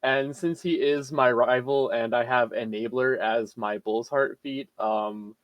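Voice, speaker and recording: A man talking as a tabletop game player, speaking haltingly as he explains his plans. His voice sits in the middle range, and the recording is dry and close. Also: medium pitch, fairly even intonation, no room sound. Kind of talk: casual tabletop game chat.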